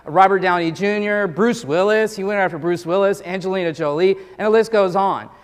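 A man's voice: high-pitched, fairly quick. A male pastor giving a sermon in a conversational, joking storytelling manner. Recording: long hall reverb.

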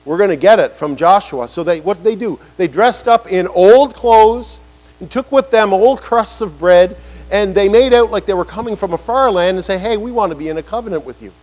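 At normal speed, a man preaches an animated sermon in a voice that sits high for a man but carries a darkish tone. He imitates the voices he quotes and pushes key lines upward to stress them. The recording is low quality.

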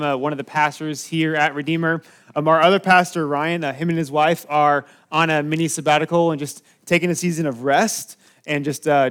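A man's voice: a little high, fairly bright tone, smooth. A man who is a pastor, giving a casual sermon to his congregation, rambling with many fillers and restarts as he tells stories.

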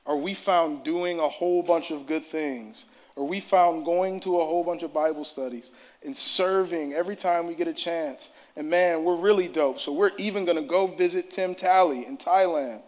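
A man's voice: a little high, moderate pace, darkish tone. A man preaching a sermon in a church service, impassioned and repetitive.

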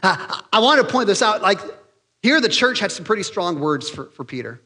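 A man preaching a sermon as pastor, animated and excitable, acting out the voices of the people he quotes. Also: normal speed, slightly rough, in a large hall. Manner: animated, acts out quoted voices, raises pitch and volume for emphasis; excitable, loses his place in notes.

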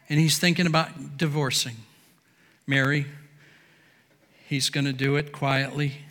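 A man preaching a sermon from a podium, emphatic, swinging between near-shouts and low, quiet lines. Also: little pitch movement, unhurried, pauses often, in a large hall. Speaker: pastor. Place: church sanctuary.

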